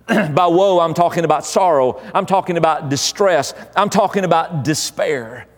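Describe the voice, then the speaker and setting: A man's voice: a little high, moderate pace, big-room sound. A man preaching a sermon as pastor, emphatic, with repeated phrases. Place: church.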